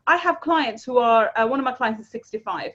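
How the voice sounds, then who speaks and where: Fast-talking woman, husky and animated. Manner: animated, repeats words, jumps to higher pitch for emphasis. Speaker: guest, money mindset coach. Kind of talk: casual interview chat. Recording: dull lo-fi sound.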